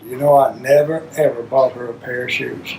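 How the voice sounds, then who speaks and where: A man's voice: medium pitch, steady tone, moderate pace, darkish tone, a little hiss or hum, poor audio. An older man, a father telling rambling, folksy stories about his children. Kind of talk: reminiscing storytelling.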